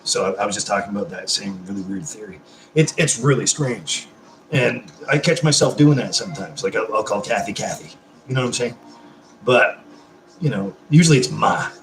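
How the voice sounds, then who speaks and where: A man's voice: fairly low pitch, expressive, normal speed, over music. Chatty man in his thirties, echoey room. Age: 30s. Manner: chatty and affectionate, swears freely. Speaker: livestream host. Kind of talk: casual livestream chat.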